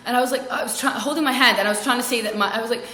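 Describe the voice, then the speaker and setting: A young woman rambling through a funny work story, self-mocking and jumping into squeaky voices for quotes. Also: rapid-fire, sharp tone, slight background noise. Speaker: vlogger. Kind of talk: casual storytelling vlog. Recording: echoey room with long reverb.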